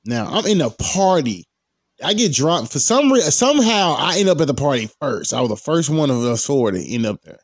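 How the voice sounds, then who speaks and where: Animated young man telling a wild story. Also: on the high side, moderate pace, slightly rough, dry recording, clean studio sound. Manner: animated and profane, heavy slang. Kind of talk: casual storytelling.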